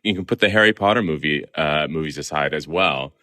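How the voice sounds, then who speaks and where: A man from Southern California joins a podcast as a reporter guest and lays out his views in an articulate, opinionated way. His voice sits very low, but the tone is bright and forward. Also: a little fast. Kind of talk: conversational podcast interview.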